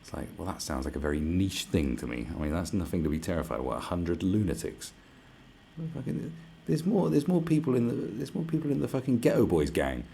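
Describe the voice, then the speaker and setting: A man's voice: deep voice, sing-song, brisk, vocal fry, dark tone, a little hiss or hum. A young man ranting casually to camera, sarcastic and rambling, swearing often. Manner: swearing, rambling and sarcastic, slips into mock voices. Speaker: vlogger.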